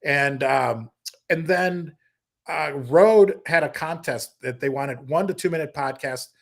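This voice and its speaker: A man, a comedian guest on a podcast, telling stories in a lively, casual way and breaking into impressions. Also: a little high, unhurried, gravelly. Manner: animated storyteller, slips into impressions. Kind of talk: casual interview storytelling.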